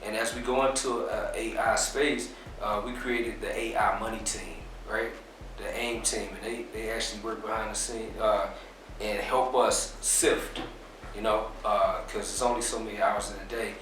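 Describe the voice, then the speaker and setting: A man being interviewed, explaining his business in a relaxed, casual way with plenty of fillers. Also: fairly low pitch, normal speed, recorded from a distance, noisy background. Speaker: interview guest, business owner. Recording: very echoey room, off mic.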